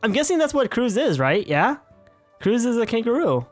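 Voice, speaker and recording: A streamer casually comments on the game they're playing, swearing a lot, rambling and self-deprecatingly calling themself an idiot. The voice is mid-range and sing-song at a normal speed, with faint music in the background.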